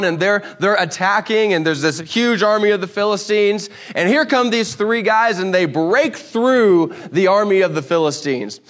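A male preacher delivers a sermon in an animated storytelling way. His voice sits fairly high for a man, and he acts out the characters in his Bible story. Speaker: pastor.

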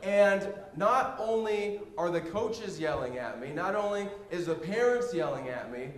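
A man giving a sermon built around a personal story, told in a humorous, animated way. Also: high-pitched, a little slow. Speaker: preacher. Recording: roomy echo.

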